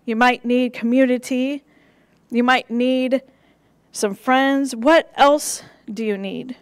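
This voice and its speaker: A woman pastor delivering a sermon in a gentle, measured way, with rhythmic repeated phrases and soft drops for emphasis. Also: high-pitched, no room sound.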